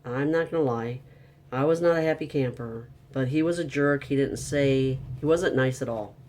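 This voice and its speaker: A man's voice: mid-range voice, normal speed, darkish tone, a little hiss or hum. A man telling a frustrating story in a casual, upset monologue, venting and exasperated. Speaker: vlogger.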